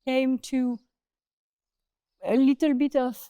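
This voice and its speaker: A woman with a French accent speaks in relaxed, conversational English, slowing down to search for her words. Her voice sits fairly high but has a mellow, smooth tone. The sound is close and dry. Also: no room sound. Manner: thoughtful, searching for words with many "uh" pauses. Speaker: horse trainer. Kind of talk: casual conversation.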